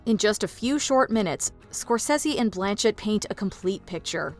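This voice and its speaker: A woman giving polished, even, scripted narration for a film countdown. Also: medium pitch, moderate pace, soft background music.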